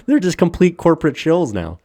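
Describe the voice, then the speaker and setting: A man's voice: a little high, big pitch swings, normal speed, mellow, dry recording, clean studio sound. A man co-hosting a casual podcast, ranting with lots of profanity and frequent laughter. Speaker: podcast co-host.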